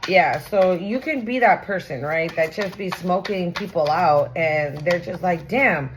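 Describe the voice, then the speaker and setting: A woman's voice: fairly low pitch, measured pace, slight background noise, low-quality recording. Blunt, slangy woman doing a tarot reading. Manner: chatty and blunt, swears freely, slangy. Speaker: tarot reader. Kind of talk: casual tarot reading to viewers.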